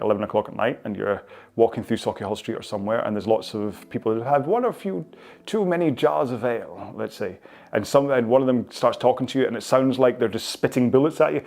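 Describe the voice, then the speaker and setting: A man's voice: medium pitch, creaky. A man with a Scottish accent leading a follow-along stretching cooldown, chatting in a rambling, jokey way. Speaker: fitness instructor.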